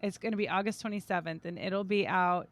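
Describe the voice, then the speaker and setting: A woman's voice: lowish voice, steady tone, fairly quick. Encouraging woman podcast host. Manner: warm encouraging listener, short affirmations. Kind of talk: casual interview chat.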